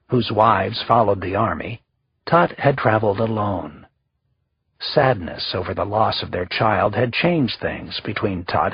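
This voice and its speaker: A man narrating an audiobook in measured, even storytelling. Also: lowish voice, creaky, husky, no room sound. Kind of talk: scripted narration. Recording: slightly dull lo-fi recording.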